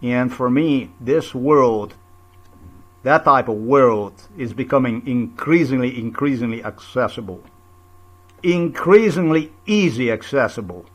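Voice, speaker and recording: A vlogger delivers an angry personal rant on video, confrontational and repetitive, packed with rhetorical questions and swearing. His voice is medium in pitch, animated, and a little slow.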